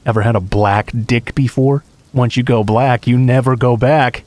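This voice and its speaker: A man's voice: medium pitch, fairly even intonation, moderate pace, a little mellow, no room sound, lightly acted. A man reading a leering predatory stranger.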